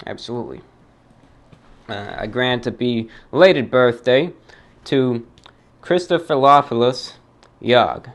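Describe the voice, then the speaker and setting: With an accent mixing British and New York, this talk show host from the New York area goes through fan mail formally, dryly and at a measured pace, in a mid-range voice.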